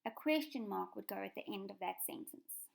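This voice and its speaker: Gravelly-voiced teacher. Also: female voice, mid-range voice, lively intonation, moderate pace. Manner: patient, clear instructional tone. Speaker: primary school teacher. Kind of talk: recorded remote lesson for children.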